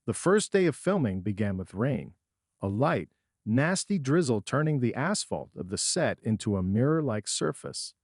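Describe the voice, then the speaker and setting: Husky, lively-voiced middle-aged male narrator. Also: mid-range voice, dry recording, clean studio sound. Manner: measured, dramatic storytelling. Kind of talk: first-person dramatic story narration.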